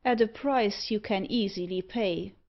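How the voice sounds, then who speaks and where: A suave, mocking gentleman tempter with something devilish about him, as a woman reads him aloud in an audiobook. He speaks slowly and deliberately at a middling pitch. The recording is a little dull and lo-fi. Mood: coaxing.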